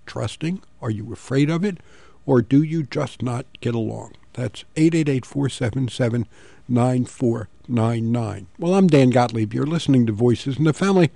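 A middle-aged man hosting a public radio call-in show, speaking in a thoughtful, halting way into a studio microphone. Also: mid-range voice, creaky, dark tone, no room sound. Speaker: radio talk show host.

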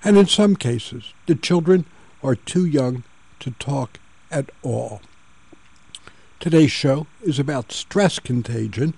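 Gravelly-voiced older male radio host. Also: medium pitch, no echo. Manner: gentle storytelling. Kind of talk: radio talk show.

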